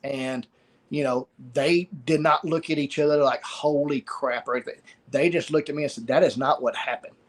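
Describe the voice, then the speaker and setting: A middle-aged man telling a personal story as an interview guest, halting and repeating words. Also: mid-range voice, steady tone.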